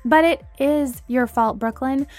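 A woman's voice: sits high, unhurried, darkish tone, faint music behind, voice pushed up. A woman voicing a defiant young female friend who justifies herself emphatically in an audiobook story. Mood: defensive.

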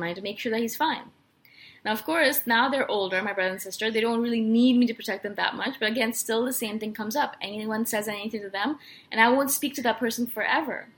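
A young woman with a slightly high voice talks casually and earnestly to her listeners. She tells a personal story in an animated way, with many fillers and restarts along the way. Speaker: personality podcast host.

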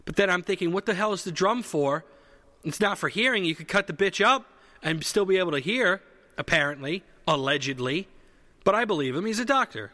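A man's voice: a little high, sharp tone, in a large hall. A man telling a long, rambling comedic story in casual chat, correcting himself mid-sentence and swearing freely.

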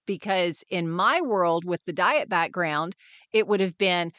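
A woman's voice: lowish voice, a little slow, fairly bright tone, no echo. A woman hosting a wellness podcast, talking in an upbeat, encouraging way and acting out the voices she quotes. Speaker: podcast host and wellness mentor. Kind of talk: scripted podcast monologue.

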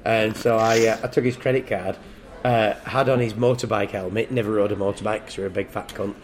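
A man's voice: fairly low pitch, steady tone, fairly quick. An older man telling stories in casual podcast chat, crude, profane and joking. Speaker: guest storyteller.

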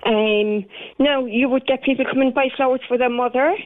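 An Irish woman with a fairly high voice comes through a thin, tinny phone line. She is a florist talking casually on the radio, chatty and rambling with plenty of ums. The call sounds narrow and boxy, like a telephone. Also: steady tone, normal speed. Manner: chatty, warm storytelling with many fillers.

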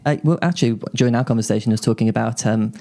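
Fast-talking male podcast host. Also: mid-range voice, vocal fry, warm tone. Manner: chatty, enthusiastic, asks quirky questions. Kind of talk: casual interview chat.

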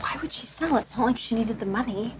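A woman's voice: fairly high pitch, fairly quick, background noise, close to an everyday voice. An actress playing a puzzled young woman. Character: puzzled young woman investigating her aunt's death. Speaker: film character.

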